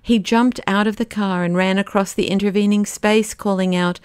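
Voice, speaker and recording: A woman narrating a classic novel as an audiobook, in a steady, expressive way. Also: medium pitch, moderate pace, clean tone, dry recording, studio quality. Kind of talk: scripted narration.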